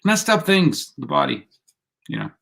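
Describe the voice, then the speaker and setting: A man's voice: on the high side, sing-song, moderate pace, vocal fry, a bit bright. Laid-back man hosting a live chat. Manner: laid-back, laughing often, rambling. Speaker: livestream host. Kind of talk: casual live stream chat.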